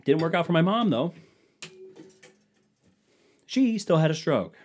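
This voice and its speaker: A young man hosting his own podcast, ranting in a worked-up way that swings from loud outbursts to low mutters. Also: very animated, measured pace. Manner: worked-up ranting, swinging between shouting and mumbling. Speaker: podcast host. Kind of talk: solo podcast rant.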